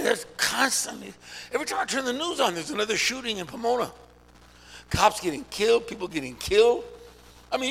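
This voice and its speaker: A middle-aged man preaching a sermon in a large church, calling out to the congregation and swinging between shouting and hushed talk. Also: sits high, gravelly. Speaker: pastor. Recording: long hall reverb.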